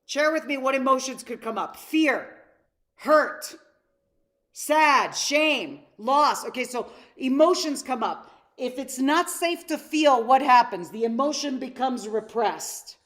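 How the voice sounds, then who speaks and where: A woman's voice: high-pitched, lively intonation, slow, fairly bright tone. A woman coach teaching a live masterclass, telling stories, acting out quotes and asking the audience questions. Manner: storytelling, asks audience questions, acts out quotes. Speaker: seminar coach.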